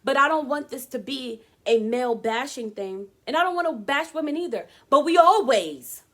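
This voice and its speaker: A woman's voice: high-pitched, normal speed. A woman talking casually to camera, giving her opinions and acting out quoted voices. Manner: animated, dramatic quoted voices. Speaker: vlogger.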